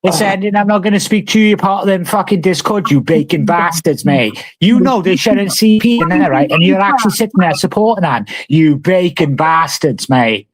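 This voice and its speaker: A man's voice: high voice, animated, normal speed, hardly any pauses. A man from Wales in a heated live-stream argument, hurling insults. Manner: abusive, insulting, shouting.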